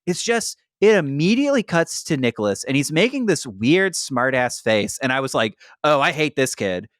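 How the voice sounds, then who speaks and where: A man co-hosting a podcast, chatting casually about a movie, animated and swearing, laughing often and acting out quotes. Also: medium pitch, moderate pace, no room sound, clean studio sound. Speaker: podcast co-host. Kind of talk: casual movie review chat.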